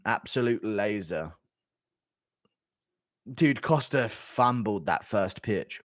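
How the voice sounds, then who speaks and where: A young man in his mid-twenties hosts a casual livestream. His pitch swings around a lot as he reads donations and jokes bluntly with chat, and the sound is dry and close with no room echo. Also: expressive, slow pace. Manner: blunt, offhand, banters with chat. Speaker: livestream host.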